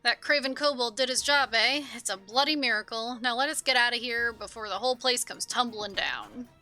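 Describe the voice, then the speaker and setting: Cast: woman voicing a gruff male mining boss, blunt and hearty, pitched fairly high. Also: brisk, bright, forceful tone, faint music behind.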